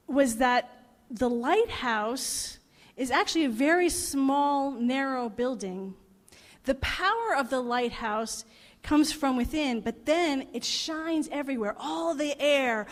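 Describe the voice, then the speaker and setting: A woman minister giving a reflective sermon, laughing at her own jokes as she tells them. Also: high-pitched. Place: parish hall. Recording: long reverb of a parish hall.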